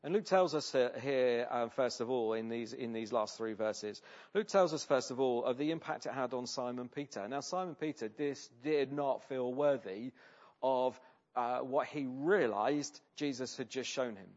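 A man delivers a sermon at an ordinary pitch, earnest and conversational, leaning on tag questions to draw his listeners in. The recording is a little dull and lo-fi. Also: moderate pace, a little mellow. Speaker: preacher.

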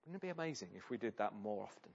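A man preaching a sermon in a conversational way, often pausing with ums and restarting his sentences. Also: fairly low pitch, animated, gravelly, muffled recording, a little hiss or hum. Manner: conversational, with many hesitations and restarts.

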